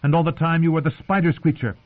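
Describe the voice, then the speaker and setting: A man reading aloud, voicing a proud, wounded young queen who asks sharp, accusing questions, heard through narrow phone-like sound. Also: fairly high pitch, fairly even intonation, fast, pitched above the performer's own voice, natural voice.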